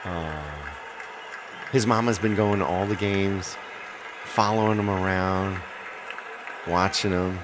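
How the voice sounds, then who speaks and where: A man's voice: low-pitched, fairly even intonation, slow pace, long pauses, big-room sound, background noise. A man chatting casually with viewers between songs on his livestream, rambling and apologetic as he talks. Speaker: live-stream singer.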